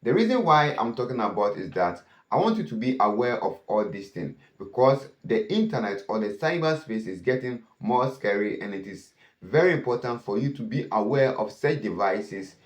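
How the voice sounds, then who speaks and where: A man hosting a cyber safety channel, warning viewers and often posing "what?" questions that he answers himself. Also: medium pitch. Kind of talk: warning talk to camera. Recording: echoey room.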